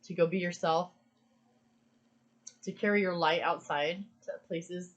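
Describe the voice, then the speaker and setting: A woman's voice: lowish voice, fairly even intonation, unhurried. A woman giving an earnest, emphatic pick-a-card reading, repeating phrases for stress. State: emotional. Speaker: tarot card reader.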